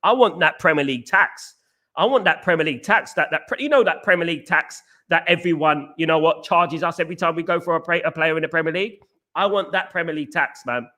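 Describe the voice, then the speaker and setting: A man chats casually as he reads out viewers' messages, repeating himself and tossing in mate and bruv. His voice sits a touch high and comes out bright and forceful. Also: quick pace. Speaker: fan channel host reading viewer messages. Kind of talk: casual livestream chat.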